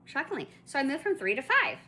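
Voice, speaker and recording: A collector vlogger tells a shopping story, her high, bright, pushed voice swinging widely in pitch as she talks fast. She rants casually, sounding indignant and chatty, with lots of asides and restarts.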